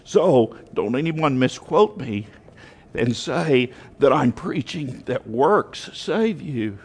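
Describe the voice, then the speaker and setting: A man preaching a sermon to his congregation, telling a story with emphatic, animated rises in his voice. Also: mid-range voice, slow pace, husky, long reverb tail.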